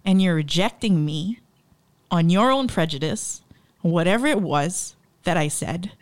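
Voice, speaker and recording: A woman's voice: lowish voice, lively intonation, a little slow. A woman co-hosting a podcast, telling a painful personal story with raw emotion, frequent swearing and laughs through tears. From Philippines. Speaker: podcast co-host.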